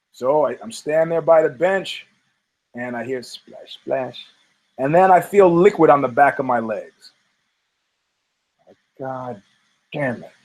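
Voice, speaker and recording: A man hosting a podcast, telling a story in a casual, profane, animated way and acting out the people in it. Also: mid-range voice, poor audio. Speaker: podcast host.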